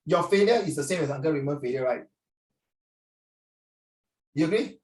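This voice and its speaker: A man's voice: a little high, expressive, normal speed. A middle-aged man, teaching an online class in a playful, teasing way. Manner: playful, teasing, peppers questions with "ah". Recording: roomy sound, distant mic.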